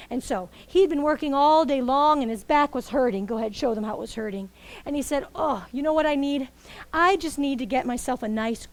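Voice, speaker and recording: Brief: woman storyteller, high voice, animated and coaxing, live children's folktale. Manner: animated, coaxing, asks the audience questions.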